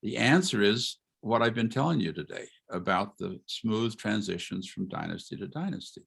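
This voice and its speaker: An older man, a retired history professor, gives an informal lecture over a video call. He is animated, asks rhetorical questions and chuckles as he talks. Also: fairly low pitch, normal speed, creaky, husky.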